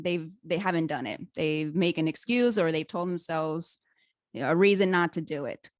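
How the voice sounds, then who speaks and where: A woman hosting a podcast interview in a casual, chatty way, enthusiastic and animated, laughing easily. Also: lowish voice, no echo, clean studio sound. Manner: self-described dramatic storyteller. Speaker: podcast host.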